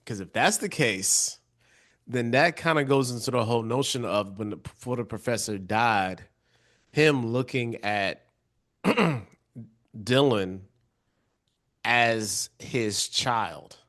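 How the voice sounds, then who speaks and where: A man's voice: mid-range voice, takes it slowly, long pauses. Guy cohosting a tv recap, chatty, keeps restarting his sentences. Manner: animated, restarts and repeats words. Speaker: podcast co-host. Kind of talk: casual TV recap chat.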